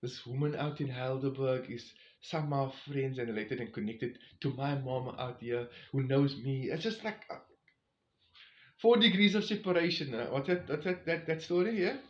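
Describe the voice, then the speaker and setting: A man with a medium-pitched voice speaks at a moderate pace. A vlogger on a long-distance walk, he rambles through a casual storytime recap of it, full of fillers and asides, in a roomy, slightly dull recording.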